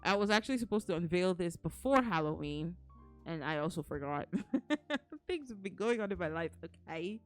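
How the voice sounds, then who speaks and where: A woman's voice: lowish voice, animated, normal speed, faint music behind. A woman streamer chatting casually with her viewers, playful and teasing, putting on mock anger and laughing often. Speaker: streamer reading to chat.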